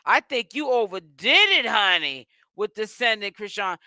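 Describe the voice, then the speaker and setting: Woman, gossip vlogger, casual sassy chat, bright voice, dry close mic. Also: mid-range voice, big pitch swings, moderate pace, dry recording. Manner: sassy and chatty, full of "honey" and "child" asides. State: tired and yawning while fasting.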